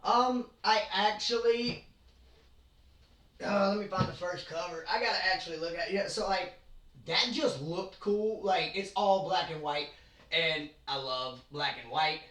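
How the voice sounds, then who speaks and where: A rambling, excitable host talks manga in a casual chat, full of jokes and quick asides. The voice sits in the middle of the pitch range. It is heard from a few steps away in a bedroom that rings with echo. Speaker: channel host. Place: own bedroom. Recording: roomy, from far off.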